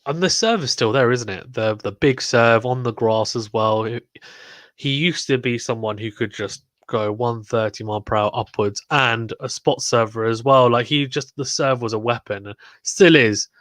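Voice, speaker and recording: A man's voice: mid-range voice, moderate pace, a bit bright, no echo. Chatty British man streaming commentary. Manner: chatty, rambling, reads viewer comments aloud. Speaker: watchalong stream host. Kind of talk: live watchalong commentary.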